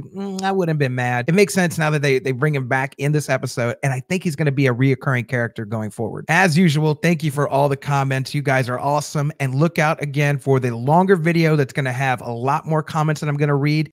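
Chatty, rambling man with a higher voice. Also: dry recording, studio quality. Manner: rambling and chatty, with many fillers and restarts. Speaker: host of a TV episode recap show. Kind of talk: casual episode recap talking to viewers.

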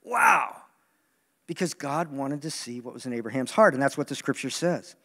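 A man preaching a sermon in an animated, joking way, acting out the voices he quotes. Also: mid-range voice, brisk, long reverb tail. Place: large meeting hall.

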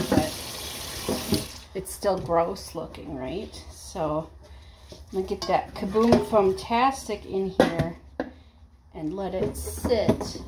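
A woman's voice: mid-range voice, very noisy. A woman chatting casually through a home vlog from her kitchen, talking her way through household chores and cooking with fillers and asides. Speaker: vlogger.

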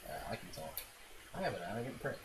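Over loud background noise, a game commentator delivers fast, sing-song commentary at medium pitch. He rambles and pokes fun at himself, swears a lot and throws in silly noises.

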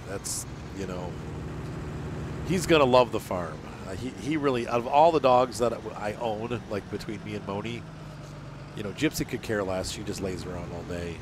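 A man with a lowish voice talking his way through a farming game. He rambles in a loose, chatty way, drifting off topic and piling up fillers. A clear background noise runs under his voice. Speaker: gaming channel host. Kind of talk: casual gameplay commentary.

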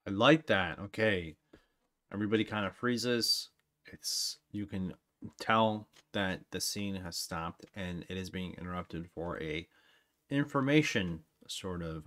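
A man's voice: low voice, fairly bright tone. A man hosting a reaction video, chatting casually and self-deprecatingly while he watches.

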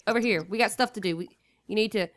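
A young woman with the sniffles commentates a life-sim game, bossing and teasing the characters in an excitable, jokey way. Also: mid-range voice, fast talker. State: sniffly with a cold. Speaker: gaming YouTuber. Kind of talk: Let's Play commentary.

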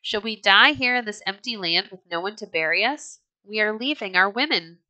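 Rich: A stern, bold Norse chief gives orders firmly, as a woman reads him aloud from a storybook. The voice is bright and close, with a dry sound. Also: medium pitch, animated, normal speed, no echo.

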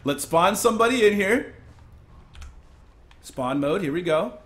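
A young man giving live gameplay commentary as a streamer, excitable, breaking into yells and laughs. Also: high-pitched, measured pace. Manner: excitable, yelling and laughing in bursts. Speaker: gaming streamer.

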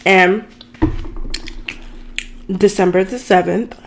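A woman vlogger spins a dramatic personal story in a loose, ranting storytime style. She talks to her viewers directly, unhurried, and her voice has a gravelly fry to it. There is a faint noise in the background. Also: mid-range voice, fairly even intonation. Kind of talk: casual storytime rant.

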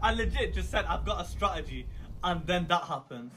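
A young man giving excitable live commentary on his gameplay, swinging from muttering to shouting. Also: high-pitched, a little fast, background noise. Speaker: gaming YouTuber. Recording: music playing under the voice.

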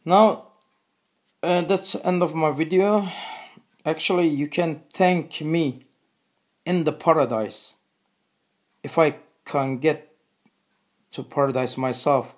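A man with a Turkish accent, a native Turkish speaker, talking earnestly to the camera in a video, repeating his phrases slowly and deliberately. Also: a little high. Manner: earnest, repetitive, slow and deliberate. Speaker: video host. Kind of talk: religious appeal to camera.

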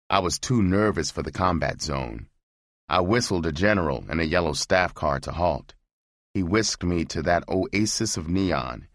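A man reading a first-person audiobook in a slow, measured delivery. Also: a bass voice, fairly bright tone, no echo, clean studio sound. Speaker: audiobook reader.

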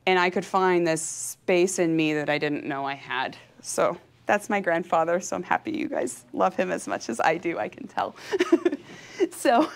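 An energetic woman from California gives a motivational talk to an audience. She speaks openly and with feeling, and laughs often. Her voice sits slightly low for a woman. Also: clear, resonant tone. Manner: emotional and openly heartfelt. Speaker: professional cyclist giving a talk.

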